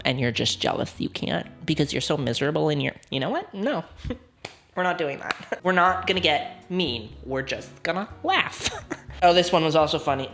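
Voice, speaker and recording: A young man talks through a casual reaction video and laughs a lot as he jokes along. His pitch swings widely and his delivery stays animated. Faint music plays underneath. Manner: laughs often, animated and joking. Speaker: vlog host.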